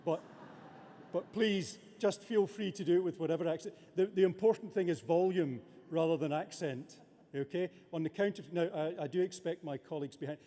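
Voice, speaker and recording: A man's voice: a little high, normal speed, mellow. A man presiding over a graduation ceremony, giving a formal, good-humoured address with many hesitations, speaking into a lectern microphone in a large abbey. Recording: long reverb of a large abbey.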